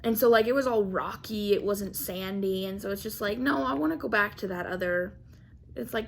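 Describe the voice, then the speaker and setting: A young woman vlogger telling a story in a casual, animated way, acting out quotes and laughing often. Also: medium pitch, a little fast, vocal fry, a little hiss or hum. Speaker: craft vlogger.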